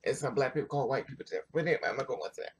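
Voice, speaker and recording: A vlogger telling a personal story to viewers in a chatty, animated way, full of asides. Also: mid-range voice, rapid-fire, slight background noise. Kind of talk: casual storytelling to camera.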